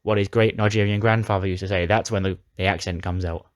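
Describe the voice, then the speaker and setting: Low-voiced man recapping a wrestling sim. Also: steady tone, fast talker, no room sound, clean studio sound. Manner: chatty, dramatic retelling of storylines. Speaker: gaming YouTuber.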